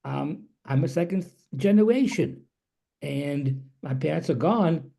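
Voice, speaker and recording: A man with a gravelly, husky voice that is rather high yet dark in tone. He speaks thoughtfully and in measured phrases during a group discussion, heard over a video call. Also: expressive. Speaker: discussion participant.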